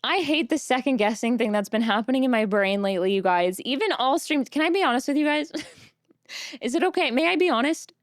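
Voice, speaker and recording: A young woman streaming, chatting casually with her viewers in a soft, rambling way, tearful and full of self-doubt. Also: high-pitched, expressive, a little fast, no room sound, clean studio sound.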